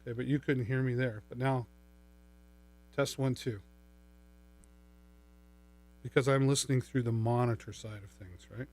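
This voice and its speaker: A man's voice: mid-range voice, steady tone, moderate pace, pauses often, a little mellow. A middle-aged man hosting a live shopping stream, chatting upbeat and playful as he demos a microphone and mixer. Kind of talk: live-stream product demo. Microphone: studio microphone through a mixer.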